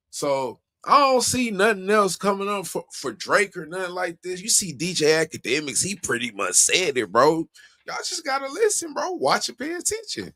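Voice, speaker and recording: Streamer guy, high animated voice, slangy casual commentary, laughs a lot. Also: gravelly. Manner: slangy, laughs often, swears freely. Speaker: livestream host.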